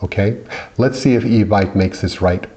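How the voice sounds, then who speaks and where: Deep-voiced irritated middle-aged man. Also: normal speed, warm tone. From United States. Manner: irritated, rambling with many restarts. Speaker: vlogger. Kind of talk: angry complaint vlog.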